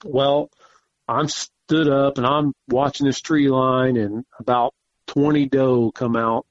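A man casually telling a hunting story, animated and swearing often as he acts out what people said. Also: medium pitch, slow pace, dry recording, lo-fi sound. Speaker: podcast guest, hunter.

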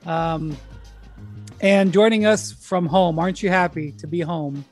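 High-voiced male podcast host. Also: measured pace, faint music behind. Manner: relaxed, hesitant with many fillers. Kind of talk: casual sports chat.

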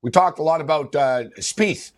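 A man's voice: a little high, moderate pace. Rambling man co-hosting sports talk. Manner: rambling, filler-heavy, laughs often. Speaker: sports podcast co-host.

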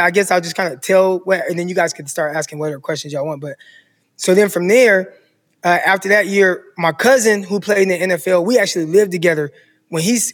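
Animated man telling a story, echoey. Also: high-pitched. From Stockton, California. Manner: animated storyteller who acts out coaches' voices. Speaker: podcast guest, former football player. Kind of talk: casual storytelling.

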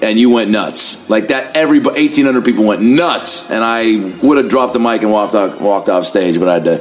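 Loud, swearing male podcast host. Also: on the low side. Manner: energetic, swearing, rambling with fillers. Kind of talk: casual podcast monologue.

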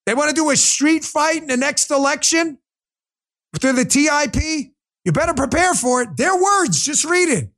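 Emphatic high-voiced male talk host. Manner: animated, emphatic, rising to near shouting; conversational ad read. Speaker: political talk show host. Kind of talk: live political talk and ad reads.

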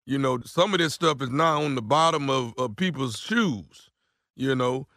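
A man's voice: mid-range voice, moderate pace, fairly bright tone, no echo, clean studio sound, pitched below the performer's own voice, lightly acted. A man doing a prank call as a stubborn, nosy older neighbor, blunt and insistent, stammering and repeating himself. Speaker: prank caller, radio show regular. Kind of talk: prank phone call role-play.

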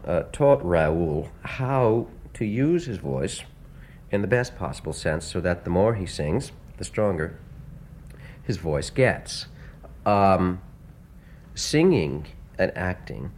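A man, a composer being interviewed, speaking earnestly in a hesitant way with many pauses and restarts. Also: deep voice, darkish tone, a little hiss or hum. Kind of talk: casual interview talk.

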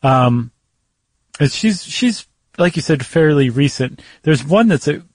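Man, casual podcast chat, playful, somewhat high pitch, dry close sound. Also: expressive, takes it slowly, slightly rough, dry recording. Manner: chatty, playful, puts on silly accents. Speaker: podcast co-host.

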